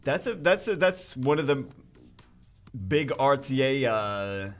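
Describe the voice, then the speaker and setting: A man hosting a gaming video with a very lively, bouncing pitch. He rambles and restarts his sentences as he comments on a patch. Faint music plays quietly under his voice. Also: slow. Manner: excitable and rambling, many restarts. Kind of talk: excited game patch commentary.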